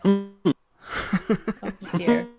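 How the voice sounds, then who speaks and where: A woman's voice: extremely slow, loud music behind the voice. A woman co-hosting a podcast in casual chat, teasing the others and laughing readily. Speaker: podcast co-host.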